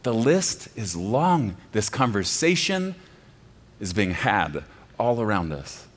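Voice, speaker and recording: A male pastor delivering a sermon, swinging from quiet, low passages to loud, emphatic ones. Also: big pitch swings, slow. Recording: long reverb of a large hall.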